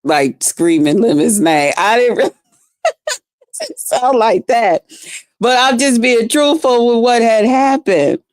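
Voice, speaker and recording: A woman with a fairly high voice tells a storytime vlog, swearing freely and bursting into animated, loud reenactments. The sound is dry and close, with no room around her. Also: slow, no room sound. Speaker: vlogger. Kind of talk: casual storytime monologue.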